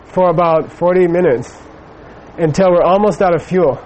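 Middle-aged male dharma teacher, slightly high voice, loose anecdotal telling, faint hiss behind. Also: moderate pace, a little mellow, rough recording. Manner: rambling, many fillers, storytelling. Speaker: Buddhist teacher. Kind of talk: dharma talk with personal anecdote.

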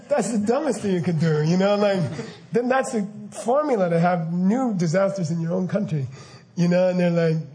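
A man giving an informal spiritual lecture to students, animated and often laughing, with mock-incredulous asides. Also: high voice, a little fast. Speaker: spiritual teacher.

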